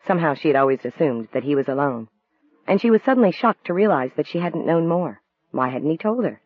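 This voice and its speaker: A man narrating an audiobook novel in a calm, even storytelling voice. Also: on the high side, a little fast, no echo. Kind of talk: scripted narration. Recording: dry, tinny phone-like sound.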